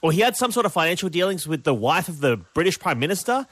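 A young man co-hosting a chat show, acting out the people in his story as he goes. His voice is bright and forward, jumping up and down in pitch. The sound is dry and close to the mic. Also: fast, dry recording. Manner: animated, acts out voices in his stories. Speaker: co-host.

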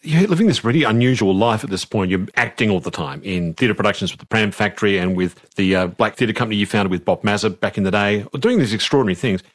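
Fast-talking male interviewer, dry close sound. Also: lowish voice, no echo. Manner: direct, summarizing questions. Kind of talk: interview questions.

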